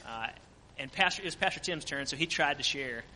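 Man, higher voice, bright tone, earnest mission testimony, reverberant hall. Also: animated, fairly quick, slight background noise. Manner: earnest storytelling with frequent fillers. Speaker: mission trip team member.

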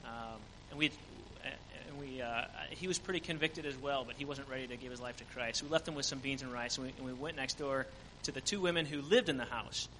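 A man's voice: medium pitch, brisk, few pauses, sharp tone, long reverb tail, a little hiss or hum, poor audio. A man giving an earnest church testimony about a mission trip, full of fillers. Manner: earnest storytelling with frequent fillers. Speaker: mission trip team member.

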